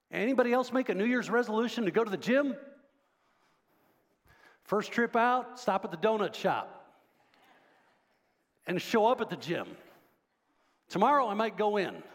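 A man preaching a sermon in a conversational way, often asking the congregation questions. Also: sits high. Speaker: pastor. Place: church sanctuary. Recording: long hall reverb.

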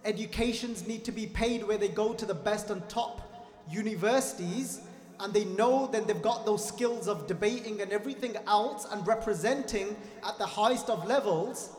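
A Sikh preacher with a high-pitched voice delivers a fervent sermon at normal speed, repeating lines emphatically and speaking directly to the congregation. It's recorded in an echoey hall with faint music.

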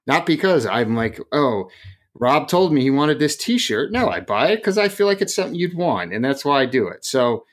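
A young man on a casual podcast, animated and jokey as he rambles through stories. His voice sits at an average pitch for a man. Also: moderate pace. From rural area. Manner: animated, jokey, lively storytelling. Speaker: podcast co-host.

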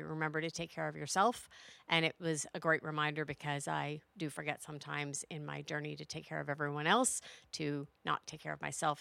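A woman's voice: sits low, gravelly, fairly bright tone, no echo. A middle-aged woman hosting her own podcast, talking alone in an earnest, heartfelt way and working up to rousing lines. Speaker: podcast host. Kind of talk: solo podcast monologue.

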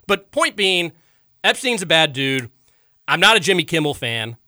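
Animated, bright-voiced male talk host. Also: fairly high pitch, no echo. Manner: animated, emphatic and quick to rant. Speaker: radio talk show host. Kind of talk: casual sports talk, reading listener texts.

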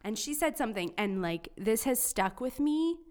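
A woman's voice: a little high, very animated, normal speed, darkish tone. Chatty woman telling a story. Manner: chatty, fills speech with "like" and "you know". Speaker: youth podcast co-host. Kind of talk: casual faith chat, personal storytelling.

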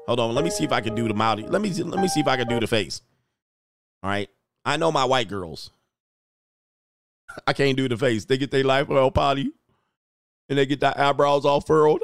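A young man riffs in casual reaction commentary, loud and animated, with a mid-pitched voice. His talk is crude and full of laughter. The sound is dry and close. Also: moderate pace, pauses often, dry recording, soft background music.

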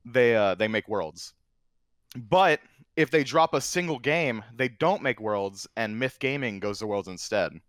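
Excitable man telling a gaming story. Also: medium pitch, a little slow, dry recording, studio quality. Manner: excitable, animated storyteller who drifts into shouting. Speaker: guest, former console champion. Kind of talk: casual podcast storytelling.

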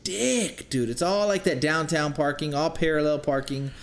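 Man co-host, profane and animated, telling a story in a relaxed chat, voice on the higher side. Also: moderate pace. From Texas. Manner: profane, animated storyteller, repeats words when excited.

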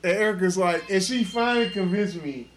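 A man hosting a casual podcast, loudly telling a drunk, profane story full of laughter. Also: high-pitched, brisk. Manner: loud, profane, laughing, acts out quotes. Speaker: podcast host.

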